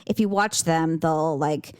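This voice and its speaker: A woman's voice: deep voice, a little slow, clear, resonant tone, dry recording, studio quality. A woman co-hosting a podcast, chatting casually and acting out the people in her stories as she tells them. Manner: animated storytelling with acted-out quotes and laughs. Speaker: podcast co-host. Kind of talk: casual chat.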